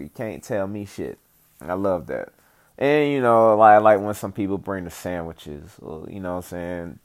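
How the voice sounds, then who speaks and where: Guy with a lowish voice ranting about food, cussing a lot, rambling and loose. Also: creaky. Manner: profane, rambling, animated storytelling with frequent fillers. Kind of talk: casual comedic rant.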